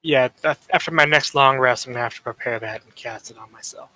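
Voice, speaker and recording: A man's voice: medium pitch, quick pace, sharp tone, low-quality recording. A man playing a tabletop game, matter-of-fact. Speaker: player. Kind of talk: casual tabletop game chat.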